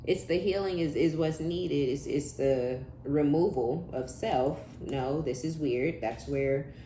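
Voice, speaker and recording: A woman with a low, warm voice gives a casual tarot reading, speaking slowly. She's blunt, profane and slangy, with laughing asides, and the echoey room carries a faint background hum.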